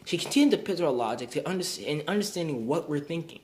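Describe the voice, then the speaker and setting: A man's voice: a little high, expressive, racing, a little mellow. A young man giving a recorded class presentation, earnest and explanatory, often restarting and repeating words. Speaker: student presenter.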